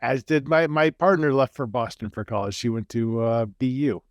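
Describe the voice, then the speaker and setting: A man's voice: mid-range voice, moderate pace, no echo, studio quality. Stammering friendly man hosting an interview. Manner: friendly, stammering restarts, curious questions. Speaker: podcast host and author. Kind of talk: casual interview chat. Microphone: video call.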